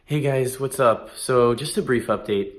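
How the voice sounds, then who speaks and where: A man in his twenties with a medium-pitched voice speaks at a measured pace over slight background noise. He's talking earnestly in a casual vlog, emphatic and prone to restarting, and sounds emotional, close to tears.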